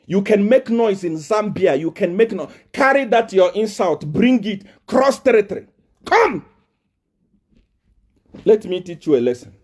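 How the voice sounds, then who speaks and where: A man's voice: high-pitched, expressive, moderate pace, hardly any pauses, a little mellow. A Nigerian man, a prophet, giving a confrontational live video address full of taunts and repeated rhetorical questions. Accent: Nigerian English.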